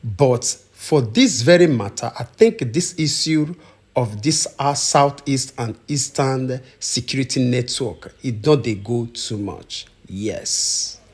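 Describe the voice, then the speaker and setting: A man's voice: medium pitch, expressive, slow pace, darkish tone, husky. A man with a Nigerian Pidgin accent hosting a casual commentary channel, chatting directly to his viewers. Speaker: YouTube commentary host.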